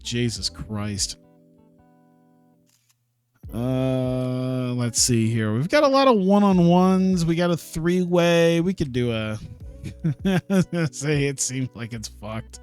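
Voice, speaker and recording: A man casually talking through a wrestling management game on a live stream, thinking aloud, chuckling and swearing now and then. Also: mid-range voice. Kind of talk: casual gaming stream commentary.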